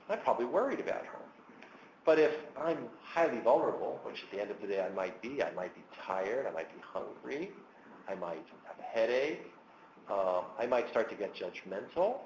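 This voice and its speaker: An animated man lecturing, his pitch swinging widely as he acts out heated remarks. The sound is roomy and echoey, with faint background noise. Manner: animated, acts out angry quotes. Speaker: clinical psychologist lecturer. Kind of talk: educational webinar lecture.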